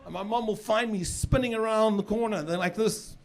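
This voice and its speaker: High-pitched and brisk, a middle-aged man with a South African accent delivers chatty stand-up on a comedy club stage. He tends to repeat words while building jokes, and the live set includes the audience's laughter.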